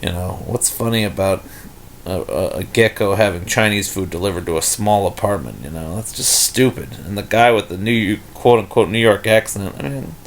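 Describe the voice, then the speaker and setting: Man, low gravelly voice, rambling scornful rant, faint background noise. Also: moderate pace. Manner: rambling, many fillers and restarts; irritated, scornful. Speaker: video commentator. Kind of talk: unscripted rant.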